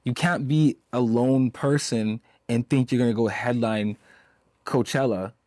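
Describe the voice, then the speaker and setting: Guesting on a casual interview, this twenty-something musician from Zambia talks with emphasis, circling back to the same points and leaning on many "you know"s. He has a mid-range, darkish voice with fairly even intonation and a measured pace, in a dry, clean studio recording.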